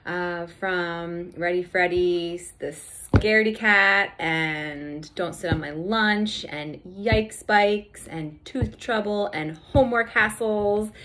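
A woman reading a chapter book aloud to children, slow, deliberate and expressive. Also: on the low side. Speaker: storybook reader.

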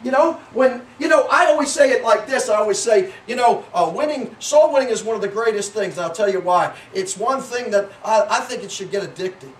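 A male pastor preaching with a high-pitched voice, folksy and animated, often rising to a shout. He sounds a bit far from the mic. The church room around him is echoey. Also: brisk, few pauses, slight background noise. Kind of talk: sermon. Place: church sanctuary.

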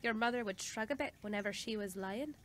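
A woman's voice: fairly high pitch, fairly quick, fairly bright tone, lightly acted. An actress voicing a dry, teasing older female former newspaper writer in a mystery game. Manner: dry, teasing, then urgent.

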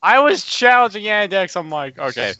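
A man's voice: high-pitched, very animated, brisk, pushed and bright, no room sound, dull audio. A man hosting a casual card game with friends, joking in a mock-dramatic way over voice chat. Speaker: channel host and player. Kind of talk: casual gaming banter.

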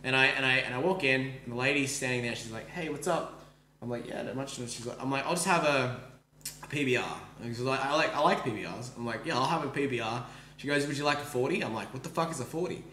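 An Australian man hosting a podcast, telling a story in fast casual speech full of likes, swearing and restarts. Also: mid-range voice, bright, forceful tone, roomy sound, a little hiss or hum. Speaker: podcast host. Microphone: streaming microphone.

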